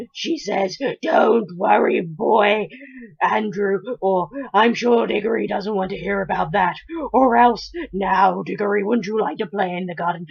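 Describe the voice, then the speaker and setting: A woman voicing a miserable young boy in a parody storybook reading, loud and whining on the edge of tears. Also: mid-range voice, creaky, slightly rough. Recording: dull lo-fi recording.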